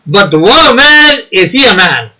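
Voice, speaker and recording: A man hosting a casual livestream, rambling and halting as he answers viewer comments with fillers and laughs. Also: sits high, big pitch swings, bright, forceful tone, poor audio. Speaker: livestream host.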